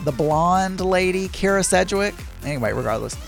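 A man's voice: high voice, lively intonation, moderate pace, creaky, faint music behind. A middle-aged man hosting his own daily podcast, chatting casually and rambling with self-deprecating asides. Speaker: podcast host.

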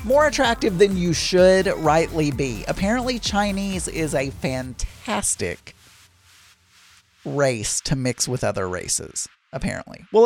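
A man's voice: a little high, dry recording. A middle-aged man hosting his own daily podcast, chatting casually and rambling with self-deprecating asides. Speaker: podcast host.

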